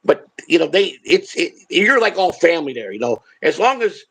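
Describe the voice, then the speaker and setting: Older storyteller, gravelly and husky, profane and rambling. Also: male voice, on the high side, sing-song, moderate pace, a bit bright, rough recording. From Chicago. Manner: rambling, profane, repeats words. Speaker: show host telling stories. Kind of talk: casual storytelling chat.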